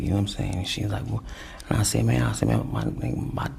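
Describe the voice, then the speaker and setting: Gravelly man giving rambling testimony. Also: fairly low pitch, big pitch swings, a little mellow. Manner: rambling, halting, many fillers. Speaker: defendant testifying. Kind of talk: courtroom testimony.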